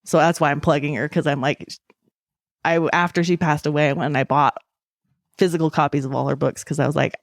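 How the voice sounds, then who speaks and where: A woman's voice: sits low, fairly even intonation, a little fast, creaky, no echo. Chatty woman author, dry close sound. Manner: chatty and candid, laughs easily. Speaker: author and guest. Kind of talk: casual chat, then reading her novel aloud.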